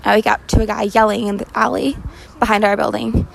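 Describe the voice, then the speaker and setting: A woman's voice: mid-range voice, level tone, a little fast, gravelly. A young woman hosting a casual solo podcast while walking outdoors, talking candidly in a rambling way and laughing often. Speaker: podcast host. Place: walking outdoors on a city street. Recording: street noise with sirens and traffic. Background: sirens, cars, restaurant fan.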